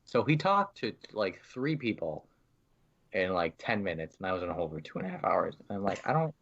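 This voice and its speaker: A man's voice: low-pitched, big pitch swings, brisk, gravelly, fairly bright tone, highs cut off. A man co-hosting a podcast, chatting casually and acting out his phone calls as he tells a story. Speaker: podcast co-host. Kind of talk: casual chat.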